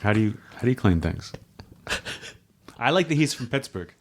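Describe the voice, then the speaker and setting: A mid-pitched man from the United States talks in a dry, offhand manner as a podcast co-host. His speech has a slightly odd, mannered cadence. He tells anecdotes casually. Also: sing-song, normal speed, noisy background. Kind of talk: casual chat.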